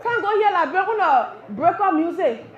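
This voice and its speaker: A woman from Liberia with a Liberian English accent doing animated live stand-up comedy, acting out voices as she goes. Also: extremely high pitch, normal speed, a faint crowd. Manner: animated, acts out voices, laughs through lines. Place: cafe stage with live audience. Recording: roomy, dull live venue recording.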